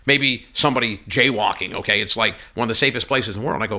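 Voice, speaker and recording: Fast-talking bright male storyteller. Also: lowish voice. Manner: animated storyteller who acts out dialogue. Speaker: podcast guest, company CEO. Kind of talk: conversational storytelling interview.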